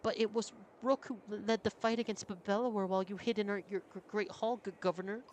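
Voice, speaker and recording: A man's voice: sits high, fairly even intonation, fast talker, a little mellow, slight background noise, pitched above the performer's own voice, lightly acted. A man doing a stammering, nervous advisor. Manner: stuttering, hesitant.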